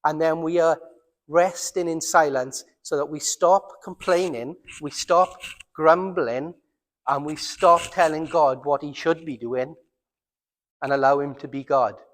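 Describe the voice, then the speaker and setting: A man with a Welsh accent preaching a sermon as pastor, earnest, slowing down and dropping his voice for emphasis. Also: a little high, in a large hall. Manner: earnest, slows down and drops to near silence for emphasis. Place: church.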